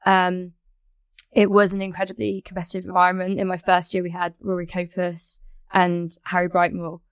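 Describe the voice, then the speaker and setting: Chatty woman with a lowish voice. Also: completely flat delivery, normal speed, no echo, studio quality. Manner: reflective, chatty, laughs easily. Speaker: podcast guest, rowing coxswain. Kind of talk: conversational interview answers.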